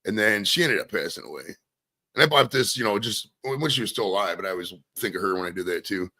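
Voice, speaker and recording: He's a streamer and show host from Maine with a lowish, expressive voice, fast, bright and forceful. Rambling on his own, he keeps things loose and swears plenty.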